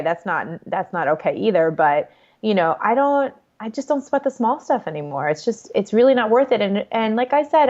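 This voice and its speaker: A woman in her forties speaks quickly and candidly as an interview guest. Her words tumble out with many fillers. The audio is dull and lo-fi. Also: medium pitch, darkish tone. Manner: fast, candid storytelling with frequent fillers. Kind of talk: conversational interview.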